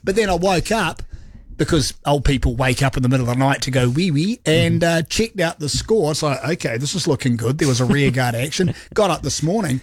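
A man's voice: fairly high pitch, a little fast, no room sound. A man, chatting energetically about sport as a co-host. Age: 50s. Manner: excitable and energetic. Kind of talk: casual sports chat.

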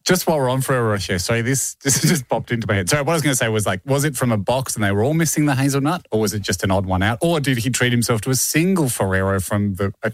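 A man's voice: mid-range voice, animated, quick pace, few pauses, no echo. A man co-hosting a podcast, telling a story in casual chat and laughing often. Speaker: podcast co-host.

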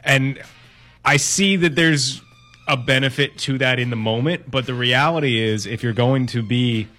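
A man's voice: mid-range voice, normal speed, bright, forceful tone. A man co-hosting a casual chat, supportive and reflective, laughing easily. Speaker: podcast co-host.

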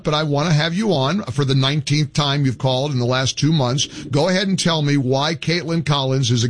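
A male talk radio host arguing with a caller in a sarcastic, mocking, combative way. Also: mid-range voice.

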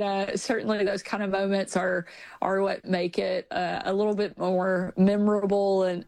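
A woman's voice: mid-range voice, creaky, darkish tone, dry recording. A woman in her forties, a governor appearing as a podcast guest, telling personal anecdotes casually with frequent fillers. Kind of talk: casual interview storytelling.

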